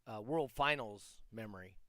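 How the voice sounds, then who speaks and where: Man, podcast co-host, relaxed questions, dry humor, smooth resonant voice. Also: on the low side, normal speed. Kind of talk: casual interview questions.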